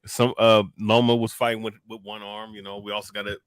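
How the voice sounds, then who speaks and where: A man's voice: on the low side, flat delivery, brisk, smooth, no echo. A man co-hosting a boxing show, arguing bluntly and profanely and stumbling over his words. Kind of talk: heated boxing banter.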